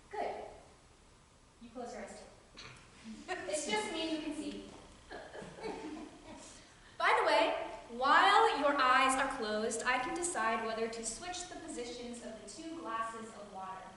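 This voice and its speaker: A woman stage actor giving a live solo theatre performance, talking straight to the audience in an animated way and laughing often. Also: high-pitched, takes it slowly, pauses often, a little hiss or hum. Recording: echoey hall recorded from far off.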